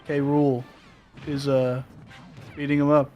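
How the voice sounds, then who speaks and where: A man chats as co-commentator in a playful, halting way, often pausing on fillers. His voice sits at a middle pitch. Faint music runs in the background. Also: flat delivery, dull audio. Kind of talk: casual chat commentary.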